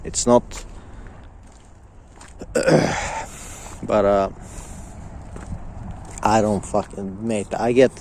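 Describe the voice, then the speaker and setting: A man's voice: lowish voice, fairly even intonation, drawn-out words, vocal fry, pauses often, darkish tone, slight background noise. A young man in a casual vlog, ranting angrily with lots of swearing and repetition. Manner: angry, profane, repetitive ranting. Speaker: vlogger.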